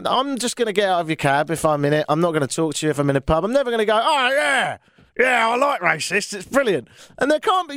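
Wry English radio host, lively pitch. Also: male voice, no echo, clean studio sound. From England. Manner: wry, joking, self-mocking. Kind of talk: call-in radio talk.

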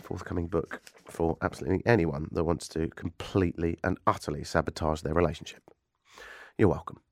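A man's voice: deep voice, fairly even intonation, a little fast, no room sound, clean studio sound, soft background music. A man hosting a talk radio show, with a stuffy nose from a cold. He tells stories with sarcasm and animation. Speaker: radio host. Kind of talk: casual talk radio banter.

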